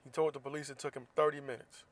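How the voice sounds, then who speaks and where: A man's voice: fairly high pitch, flat delivery, fast talker. A man from Florida hosting a podcast, ranting bluntly and profanely in a casual opinion monologue. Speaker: podcast host.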